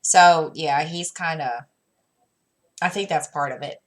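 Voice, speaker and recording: A low-voiced woman in her thirties chats unhurriedly at home. She rambles through a family story full of fillers and restarts, acting out both sides of a conversation in her own voice. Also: takes it slowly. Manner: rambling, many fillers and restarts, quotes herself and her son. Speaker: crafting vlogger. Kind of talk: casual storytelling chat.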